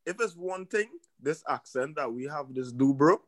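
Animated man telling road rage story. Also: a little high, moderate pace, no room sound. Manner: storytelling, laughs a lot, swears freely. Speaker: podcast co-host. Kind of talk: casual chat.

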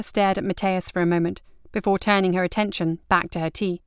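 A woman narrates a novel with measured, even storytelling. Her voice sits low and smooth, recorded dry and close. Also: no room sound. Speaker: audiobook narrator. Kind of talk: scripted narration.

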